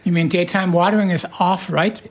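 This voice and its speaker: In a studio, a woman with a hoarse, husky, slightly low voice hosts a relaxed radio chat at a fairly quick pace. Playful and teasing toward her co-host, she gives animated emphasis, leaning hard on the words she wants to stress.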